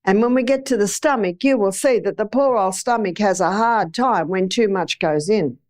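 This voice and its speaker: A woman's voice: mid-range voice, moderate pace, darkish tone. A middle-aged woman giving a chatty health lecture to a live audience, with homely anecdotes and acted-out examples.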